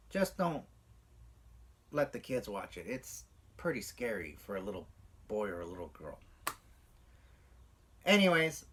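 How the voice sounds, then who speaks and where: A man vlogging casually to camera, recounting a childhood movie memory and acting out quotes with big jumps in his voice. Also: slight background noise. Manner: animated, acts out quotes with big pitch jumps.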